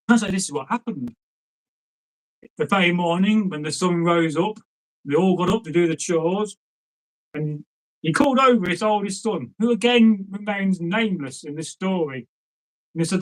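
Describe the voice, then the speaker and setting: A man tells an old folk tale in a loose, conversational way. He wanders off into asides and then picks the thread back up, and his voice sits fairly high for a man. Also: brisk, low-quality recording. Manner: chatty, digressive, with asides to the listener. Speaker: storyteller. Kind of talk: casual folk-tale storytelling.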